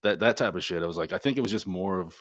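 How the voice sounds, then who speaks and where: A man's voice: sits low, very fast, fairly bright tone, no echo. A middle-aged man, a former Navy corpsman, telling stories in a casual, profane, laid-back way during an interview. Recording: dull, dry lo-fi sound.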